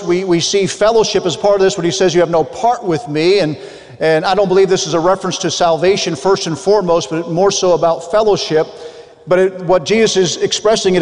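A male preacher with a high voice gives an earnest, explanatory sermon and reads scripture aloud. He often restarts his sentences. His voice rings out with a long hall reverb.

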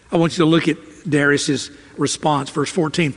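A man's voice: on the high side, little pitch movement, normal speed, hardly any pauses, long reverb tail. A male preacher delivering a sermon in a dramatic, emphatic storytelling style, often repeating lines for effect.

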